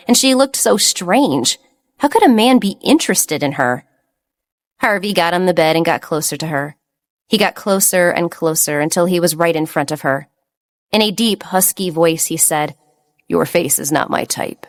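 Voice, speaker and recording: A woman's voice: lowish voice, expressive, moderate pace. A woman reading a romance novel aloud as an audiobook narrator. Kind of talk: scripted narration.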